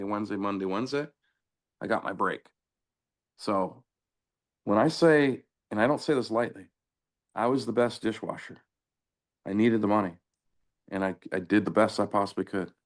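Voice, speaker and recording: A middle-aged man from Southern California, a former pro soccer player, telling stories in a casual interview and acting out the dialogue. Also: fairly low pitch. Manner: animated anecdotes, acting out quoted dialogue. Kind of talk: casual storytelling.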